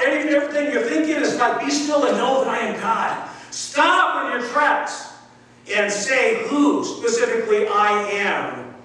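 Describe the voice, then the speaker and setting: A male pastor preaching a sermon, stressing key words and repeating phrases with pauses. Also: fairly high pitch, fairly bright tone, far from the mic, slight background noise. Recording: echoey room, heard from afar.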